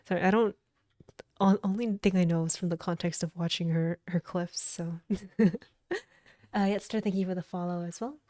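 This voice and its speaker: A woman's voice: on the low side, steady tone, normal speed, darkish tone, dry recording, studio quality. Giggly woman streamer chatting. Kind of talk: casual livestream chat.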